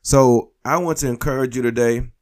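A man's voice: mid-range voice, steady tone, normal speed, darkish tone. A man preaching a sermon, urging his listeners on and repeating phrases for emphasis.

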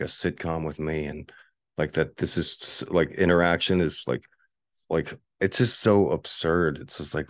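A man hosting his own podcast alone from his one-bedroom apartment. He talks on and on, swears a lot and rants about noisy neighbors. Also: dry recording. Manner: ranting, profane, mocking the neighbors in shrill voices. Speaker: podcast host. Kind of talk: solo podcast monologue.

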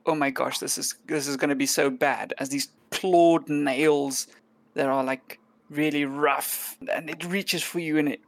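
A woman's voice: sits low, steady tone, a little slow, no room sound. A woman narrating a tabletop role-play game as game master, describing the scene in a chatty, descriptive way with frequent fillers.

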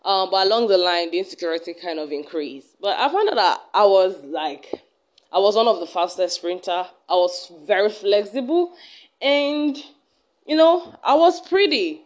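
A woman's voice: mid-range voice, lively intonation, normal speed. A young adult woman hosting her own vlog, talking in a chatty, earnest way and often restarting her sentences. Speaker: vlog host. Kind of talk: casual self-talk vlog.

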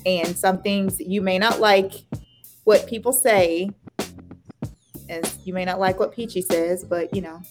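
A woman's voice: on the low side, steady tone, unhurried. Woman co-host over music. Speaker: podcast co-host. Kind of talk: casual sports podcast chat.

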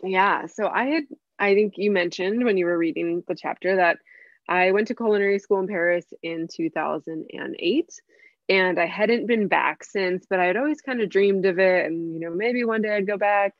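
A woman's voice: mid-range voice, moderate pace, dry recording, muffled recording. A woman chef from San Diego, guesting on a casual talk, speaking candidly with a rambling, laughing delivery. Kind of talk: casual conversational interview.

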